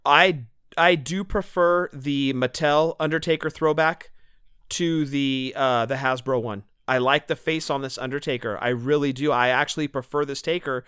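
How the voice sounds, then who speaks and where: A man's voice: mid-range voice, steady tone, moderate pace, fairly bright tone, clear, resonant tone, dry recording, clean studio sound. Enthusiastic man on a podcast. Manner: enthusiastic, emphatic. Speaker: podcast co-host. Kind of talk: casual podcast chat.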